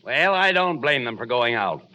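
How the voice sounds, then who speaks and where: A man's voice: mid-range voice, sing-song, normal speed, bright, forceful tone, poor audio. A man playing the exasperated, scolding straight man in a 1940s radio comedy. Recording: hissy 1940s radio broadcast.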